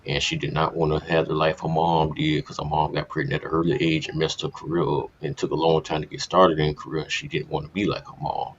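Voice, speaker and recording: A man's voice: a bass voice, level tone, brisk, hardly any pauses, slight background noise. A man casually telling a candid personal story on a podcast, speaking bluntly with plenty of profanity. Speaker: podcast co-host. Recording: dull lo-fi podcast audio.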